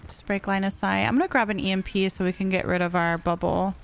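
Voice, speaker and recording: A woman's voice: medium pitch, steady tone, fast talker, creaky, slight background noise. A woman streaming a game live, chatting casually and answering her viewers between plays. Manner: chatty, reads chat aloud and answers viewers. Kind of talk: live gameplay commentary.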